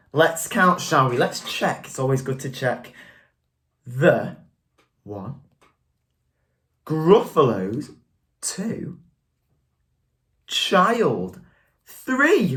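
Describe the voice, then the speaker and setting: A woman teacher with a low, very lively voice, reading a picture book to young children at an unhurried pace. She asks coaxing questions and is quick to praise each answer.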